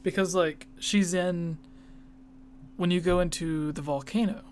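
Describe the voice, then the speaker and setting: Host, medium pitch, easygoing delivery, reads audience questions. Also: unhurried, slight background noise. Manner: relaxed, reads listener questions aloud. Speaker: podcast host. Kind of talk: casual podcast chat.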